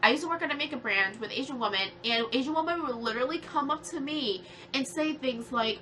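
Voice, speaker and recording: A young woman vlogger in her twenties vents heatedly to her camera, close to tears, swearing and rambling with lots of "like"s and other restless fillers. Her nasal voice is bright and a little high for a woman, moving at a moderate pace with few pauses. Faint hiss runs under the recording.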